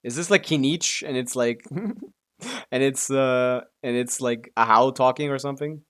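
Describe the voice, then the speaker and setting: A man streaming a game, talking half to himself in loose, mumbling commentary. He corrects himself often and swears in passing, in a middle-pitched, ordinary voice. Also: a little slow, fairly bright tone.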